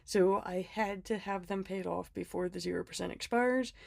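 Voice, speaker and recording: A woman's voice: mid-range voice, normal speed, gravelly, no echo, studio quality. A woman talking through her budget planner in a casual vlog, sick and short of breath, chatty with lots of ums and small laughs. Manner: chatty, self-deprecating, frequent ums and laughs. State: sick and winded. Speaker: planner vlogger.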